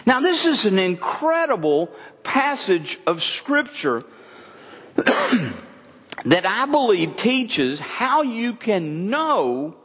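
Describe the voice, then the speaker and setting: A man's voice: sits high, fairly bright tone, breathy edge. A middle-aged man preaching a sermon to a church congregation, earnest and often repeating words for emphasis. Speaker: pastor. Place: church service. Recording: long hall reverb.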